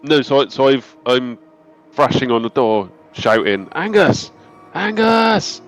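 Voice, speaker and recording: A man's voice: mid-range voice, unhurried, clean tone, faint music behind. A man playing a character in a tabletop role-playing game, describing his moves casually and hesitantly. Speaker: player. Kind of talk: tabletop role-play chat.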